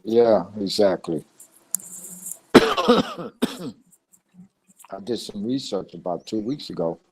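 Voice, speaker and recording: A man's voice: lowish voice, big pitch swings, slow pace, noisy background. An older man from a Puerto Rican family in New York, with a New York accent, telling stories bluntly and profanely on a live chat stream. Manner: profane, blunt storytelling, chuckles often. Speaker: live show panelist. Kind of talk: casual chat.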